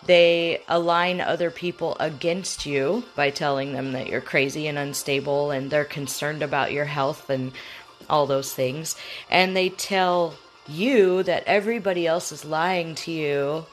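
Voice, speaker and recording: A woman with a low-pitched voice explains things directly to her listener in a casual, advising talk. Her delivery is conversational and plain. Soft music plays faintly behind her. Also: steady tone, a little slow. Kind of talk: advice talk to the viewer.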